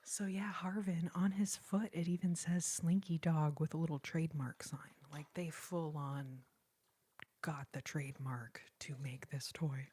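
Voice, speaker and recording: A woman, whispering softly and chatting unhurriedly as an ASMR host on a live stream. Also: low voice, fairly even intonation, unhurried, husky. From Texas.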